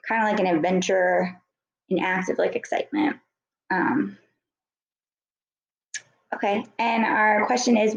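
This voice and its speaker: Woman teacher reading a chapter out loud, stops to explain words, says um and like. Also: mid-range voice, vocal fry, echoey room, dull audio. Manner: explains words with fillers, self-corrects slips. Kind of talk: reading a chapter aloud to students.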